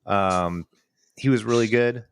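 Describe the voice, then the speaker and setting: Low-voiced man with a Chicago accent. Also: slow pace, clean tone, no room sound, studio quality. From Illinois–Wisconsin border, US. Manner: rambling, searches for words, laughs easily. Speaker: podcast co-host. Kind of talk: casual chat.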